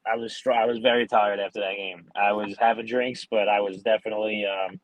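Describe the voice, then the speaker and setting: A man's voice: lowish voice, fairly even intonation, a little fast, background noise. A man in his twenties from New York, a podcast guest telling hockey stories in a rambling, laid-back way with lots of fillers. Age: 20s. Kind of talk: casual interview chat.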